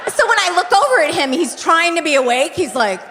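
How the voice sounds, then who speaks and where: A woman's voice: extremely high pitch, big pitch swings, brisk. A woman doing stand-up comedy on a theater stage, chatty and confiding, checking in with the crowd into a handheld mic. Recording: reverberant live venue, faint noise.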